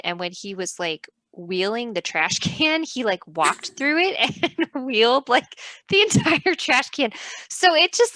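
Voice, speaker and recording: A woman in her thirties co-hosts a faith podcast in a casual, chatty way. Her voice is bright and forward, and the recording is close and dry. She tells stories with animated energy, slipping into quoted voices and laughing. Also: mid-range voice, dry recording. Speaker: podcast co-host.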